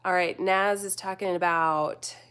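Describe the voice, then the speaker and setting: A woman's voice: fairly low pitch, steady tone, a little slow, fairly bright tone, clean tone. Rambling American woman chatting on a live stream. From United States. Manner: chatty and rambling, reads viewer comments aloud. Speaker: food vlogger answering live chat. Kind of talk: casual live-stream chat.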